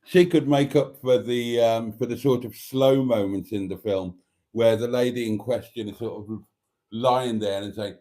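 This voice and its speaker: During a laid-back livestream, a middle-aged man reads viewer comments aloud in a mellow, mid-range voice at a moderate pace. He's giggly throughout and often dissolves into laughter as he chats.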